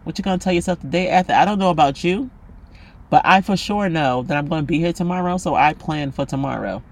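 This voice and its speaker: A man's voice: on the high side, fast talker, creaky. A man hosting a solo podcast monologue, talking bluntly and passionately, with plenty of swearing and direct address to the listener. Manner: blunt, profane, passionate ranting; emphatic, talks straight at the listener. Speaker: podcast host.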